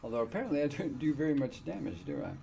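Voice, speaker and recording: A man's voice: medium pitch, big pitch swings, racing, gravelly, warm tone. An older man casually commenting on his gameplay with wry, joking asides. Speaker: let's-play gamer.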